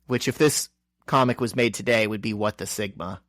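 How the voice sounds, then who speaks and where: A man's voice: lowish voice, fairly bright tone, no echo. A man co-hosting a podcast, recapping a comic book in a wry, joking way and briefly voicing the characters. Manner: wry, joking summary with quick voices for characters. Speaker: podcast co-host. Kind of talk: casual chat recapping a comic.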